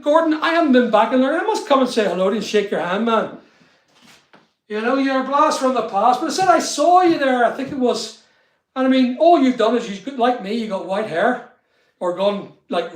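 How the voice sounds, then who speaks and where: A man's voice: extremely high pitch, animated, normal speed. A middle-aged man, chatting casually on a live stream and greeting viewers by name. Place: studio room being built. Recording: echoey unfinished room.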